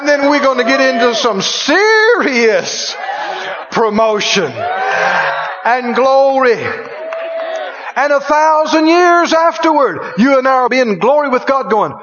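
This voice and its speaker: A man preaching a sermon with exuberant energy, breaking into shouted exclamations. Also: extremely high pitch, animated, measured pace, noisy background. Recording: dull lo-fi sound.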